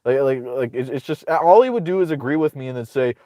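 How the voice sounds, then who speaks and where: A man's voice: medium pitch, animated, fast, dark tone, no room sound, studio quality. A man hosting casual political commentary, ranting sarcastically with profanity, rambling and restarting his sentences.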